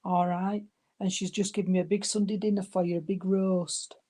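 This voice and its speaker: A woman with a dark, mellow voice, working as a medium. She passes on spirit messages and calls her listeners darling and sweetheart. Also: medium pitch, little pitch movement, brisk. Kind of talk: giving spirit messages at an online service.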